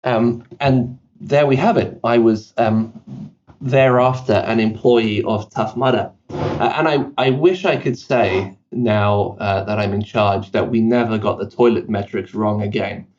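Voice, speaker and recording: A man's voice: on the low side, darkish tone, dull audio. Man with a mixed British-South African accent. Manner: self-deprecating anecdotes, quick with fillers and restarts. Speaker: CEO guest. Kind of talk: casual podcast interview.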